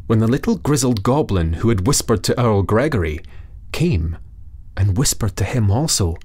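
Low-voiced man reading a fairy tale. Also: moderate pace, darkish tone, breathy edge. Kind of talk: storybook narration for listening practice.

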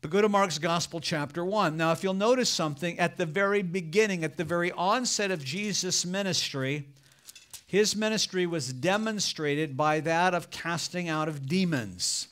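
High-voiced man preaching a sermon. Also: normal speed, fairly bright tone. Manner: preaching with rising fervor, acting out quoted voices. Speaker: pastor.

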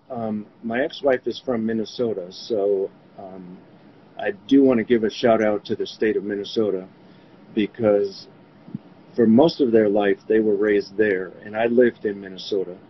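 A man from New York speaking haltingly in an interview about grief, his voice often trailing off quietly. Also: lo-fi sound, slight background noise. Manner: halting, grief-stricken, voice drops low. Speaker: interviewee, bereaved father. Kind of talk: remote interview.

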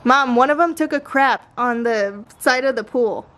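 A woman's voice: on the high side, normal speed, background noise. A young woman chatting casually and animatedly in a home vlog, swearing now and then. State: out of breath after a workout. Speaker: vlogger.

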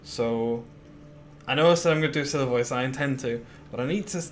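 There's a little hiss or hum on the audio as a man with a medium-pitched voice chats fairly quickly while gaming on stream. He meanders through what he intends to do, using plenty of fillers and answering his chat.

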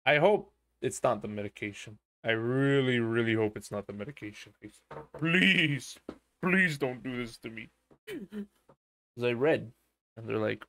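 Tired and unhurried, a man with a mid-range, slightly bright voice streams a game, recorded with no echo. He rambles crudely and goofily to his chat, drifting into silly voices.

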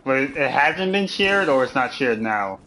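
Loud, profane, joking man gaming. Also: mid-range voice, animated, normal speed, slight background noise. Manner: profane, joking, laughs often, swings into loud mock outrage. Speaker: gamer streaming live. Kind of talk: casual gameplay chat with friends in a voice party.

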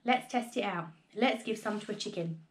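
A woman doing an excitable, impatient farmer dad. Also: mid-range voice, normal speed, natural voice. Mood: excited. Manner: eager, exclamatory, urging on. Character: excitable, impatient middle-aged farmer father. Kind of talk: reading a storybook aloud.

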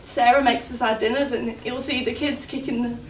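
An actress playing a grieving young fiancée in a stage monologue, speaking in an emotional, halting way. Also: female voice, fairly high pitch, fairly even intonation, a little hiss or hum, close to an everyday voice. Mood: tender. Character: young woman, grieving fiancée, anxious and devoted. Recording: roomy, distant from the mic.

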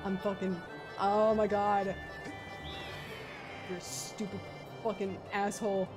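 A woman's voice: medium pitch, flat delivery, slow. A young woman streaming a video game live, panicking, swearing and laughing as she plays. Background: game music.

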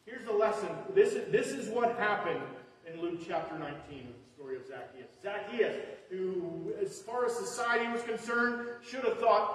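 Man preaching a casual, rambling sermon to a congregation; fairly high voice, heard from a distance. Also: animated, normal speed. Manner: conversational, rambling, with many fillers and restarts. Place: church hall before a live congregation. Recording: echoey hall from far off.

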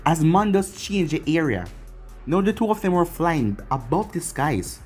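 Male narrator reading fan fiction, husky, lively pitch, faint music behind. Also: measured pace. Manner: plain, running narration.

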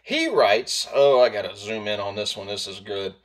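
Animated joking man hosting a boat channel. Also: fairly low pitch, moderate pace. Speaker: host and jon boat builder. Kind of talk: casual how-to video talk with a comment roast segment.

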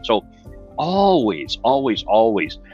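A man's voice: fairly low pitch, sing-song, slow pace, darkish tone, faint music behind. A male talk show host speaking in an emphatic, motivational way during a conversational interview. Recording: dull lo-fi sound.

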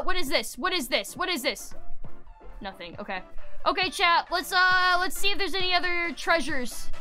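A woman streamer giving excitable live gaming commentary to her chat, swearing and yelling when frustrated. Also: very high-pitched.

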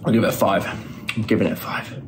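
Brief: young male travel vlogger, low voice, excitable and sweary, noisy ambience around him. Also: fast talker. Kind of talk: casual vlog chat. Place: out and about on a city trip.

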